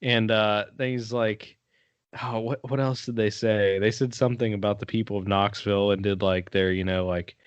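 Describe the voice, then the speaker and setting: A man's voice: lowish voice, steady tone, normal speed, smooth, no room sound, dull audio. A man co-hosting a casual podcast chat, telling the story in a laid-back way and swearing casually. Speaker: podcast co-host.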